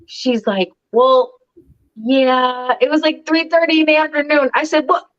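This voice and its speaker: A blunt woman co-host tells a story in casual talk, cursing freely and putting on both voices of a call. Her voice sits a bit high. The sound is slightly dull and lo-fi. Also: fairly even intonation, a little slow. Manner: blunt storyteller, swears, acts out both sides of calls. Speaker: podcast co-host. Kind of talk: casual chat.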